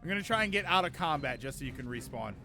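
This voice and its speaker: A man chats and jokes through a live gameplay stream, reacting out loud as the action unfolds. His voice sits high and bounces all over, bright and forward, with soft music in the background. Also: expressive, quick pace. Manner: chatty and jokey, reacting aloud to the game.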